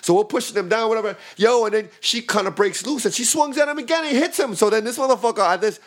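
Brief: slightly high-voiced man, fast-talking bouncer, spins a rowdy story, mimics voices and impacts. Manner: animated, profane, acts out voices and sound effects. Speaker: podcast co-host telling a story; works as a bouncer. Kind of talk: casual storytelling chat.

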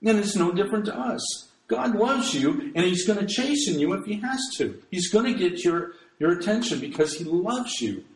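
Male pastor mid-sermon, emphatic, slightly high voice, roomy echo. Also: lively intonation, fairly quick, few pauses. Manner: earnest, emphatic, with frequent restarts.

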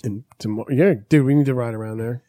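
A man's voice: medium pitch, fast, mellow, no echo, studio quality. A man telling rambling, profane stories in casual chat as a podcast host.

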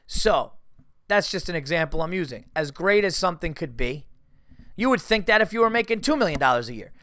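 A man's voice: on the high side, brisk, dry recording. Ranting New man with a cold. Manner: animated, profane ranting. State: has a cold. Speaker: podcast host. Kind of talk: casual comedic monologue.

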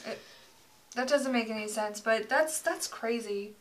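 A woman co-hosting a casual chat, teasing and cutting in with quick questions. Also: fairly high pitch, rough recording.

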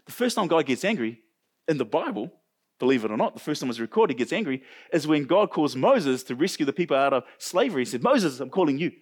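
Lively high-voiced New Zealand pastor preaching. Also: male voice, fast talker, husky. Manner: animated, jokey, talks to congregation. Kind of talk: sermon. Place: church service.

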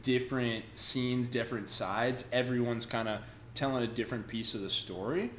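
A man casually recapping a comic book with friends, acting out characters in quick bursts. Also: medium pitch. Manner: animated retelling, acts out characters in quick bursts. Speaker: podcast co-host recapping a comic. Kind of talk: casual chat. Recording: roomy sound with faint noise.

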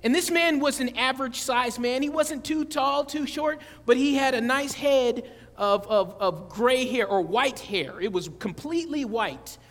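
Very high-voiced preacher in a reverberant church. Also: male voice, unhurried, hardly any pauses, fairly bright tone. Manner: conversational, joking, asks the congregation questions. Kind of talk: sermon. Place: church sanctuary. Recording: long church-hall reverb.

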